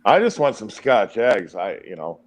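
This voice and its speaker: A man's voice: fairly low pitch, big pitch swings, moderate pace. A man on a casual stream, teasing and provoking his friends and laughing at his own jokes. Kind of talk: casual banter.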